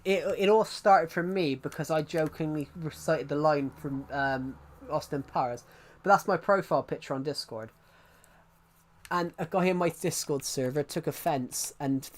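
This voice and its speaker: Rambling young streamer, slightly high. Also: male voice, normal speed. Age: young adult. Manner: rambling, self-interrupting, laughs at own jokes. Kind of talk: casual live-stream chat.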